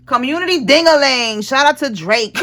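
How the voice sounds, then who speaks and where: A woman's voice: sits high, lively intonation, moderate pace, a bit bright. A woman giving a casual tarot reading, chatty and blunt, laughing often and using street slang. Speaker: tarot reader.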